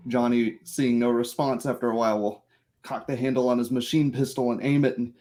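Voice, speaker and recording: A man's voice: medium pitch, level tone, a little fast, dark tone. A man playing a tabletop role-playing game, speaking tersely in short, laconic phrases. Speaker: player.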